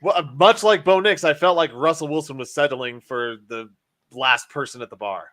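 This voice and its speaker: A man's voice: a little high, moderate pace, a bit bright. A man hosting a casual sports podcast, rambling and emphatic, often restarting his sentences. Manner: rambling, self-correcting, emphatic. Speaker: podcast host.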